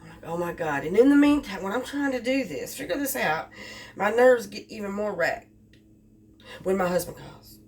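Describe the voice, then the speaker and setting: A woman's voice: medium pitch, expressive, normal speed, darkish tone. A woman telling a rambling story about her delivery job, repeating herself as she goes. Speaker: delivery driver. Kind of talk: casual storytelling vlog. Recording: distant mic with faint background noise.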